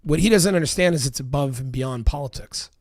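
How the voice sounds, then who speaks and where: A man's voice: a little high, a little fast, a little mellow, dry recording, clean studio sound. A man delivering a heated, profanity-laced political rant, emphatic and repetitive. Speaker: political commentator.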